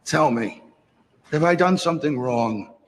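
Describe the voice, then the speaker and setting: A man's voice: on the high side, expressive, a little slow, big-room sound, a little hiss or hum, voice pushed up. A man voicing an anxious, guilty young woman who pleads earnestly at confession. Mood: pleading.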